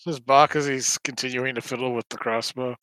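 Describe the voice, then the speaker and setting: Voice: mid-range voice, steady tone, fairly quick, fairly bright tone, clean tone, dry recording, rough recording. A tabletop player talking casually and playfully, laughing often. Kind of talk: casual tabletop game chat.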